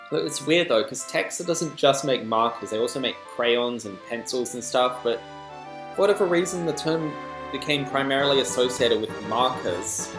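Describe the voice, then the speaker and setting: A man with an Australian accent, hosting a reaction video with chatty, rambling commentary and self-deprecating asides. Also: mid-range voice. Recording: echoey room.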